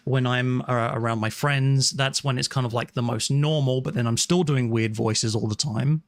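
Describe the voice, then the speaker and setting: A man's voice: medium pitch, steady tone, moderate pace, dry recording. A man from England with an English accent, chatting casually with viewers on a live stream from a small room at home. He thanks people by name, apologizes often and restarts his sentences as he talks.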